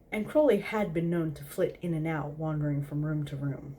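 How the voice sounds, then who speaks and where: A woman's voice: low voice, normal speed, few pauses, mellow. A woman casually reading a story aloud, stumbling and repeating words, with giggly asides. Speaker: host reading fan fiction aloud.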